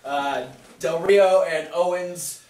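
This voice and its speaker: A man's voice: fairly high pitch, takes it slowly, a little mellow, recorded from a distance. A man casually recapping wrestling with a co-host, retelling scenes and mimicking the wrestlers' lines. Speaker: podcast co-host. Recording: echoey room, voice off-mic.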